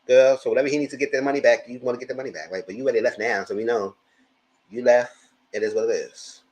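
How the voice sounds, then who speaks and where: A man's voice: mid-range voice, fairly even intonation, fast, a little mellow. A man giving casual live commentary on a reality TV show, sassy and talking back at the screen. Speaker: TV show reviewer.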